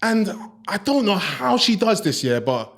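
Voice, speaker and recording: A young man telling a comic story to friends on a podcast, animated and laughing as he goes. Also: sits high, measured pace. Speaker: podcast co-host. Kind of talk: comedic storytelling among friends. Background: friends reacting and laughing.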